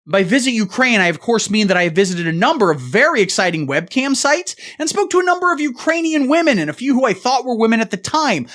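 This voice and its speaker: Mock-serious man with lively swings. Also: sits high. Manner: mock-serious pundit delivery. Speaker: satirical show host. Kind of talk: satirical political rant.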